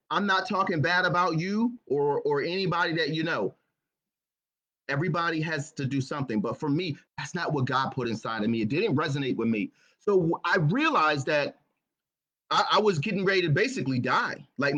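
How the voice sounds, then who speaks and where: A man's voice: on the high side, a bit bright, dull audio. A man giving a motivational talk, telling his own story in an earnest way and often repeating his words. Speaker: motivational speaker.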